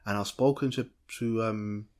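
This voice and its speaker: A young man, co-hosting a podcast in a lively, chatty way, often restarting mid-sentence. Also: lowish voice, moderate pace. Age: young adult. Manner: animated, chatty, self-interrupting. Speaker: podcast co-host. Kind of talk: casual chat.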